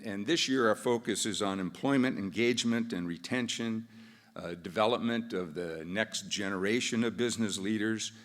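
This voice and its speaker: An American man moderating a business event, giving easygoing opening remarks with fillers and restarts into a podium microphone. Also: low voice. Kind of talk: opening remarks with a told joke. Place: large conference hall. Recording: long reverb of a large hall.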